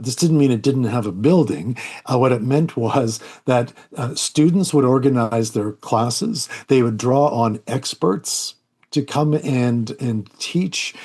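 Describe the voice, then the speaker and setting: A man's voice: mid-range voice, mellow, husky. An older man from Canada, a guest in an interview, telling long stories in a rambling way with many ums, restarts and wry asides. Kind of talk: storytelling interview.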